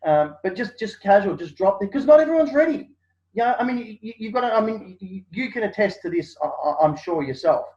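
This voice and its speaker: Male guest, high voice, chatty and animated, lo-fi recording. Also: fairly quick. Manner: animated storyteller, acts out quotes, many fillers. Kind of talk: casual interview chat. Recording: dull lo-fi sound.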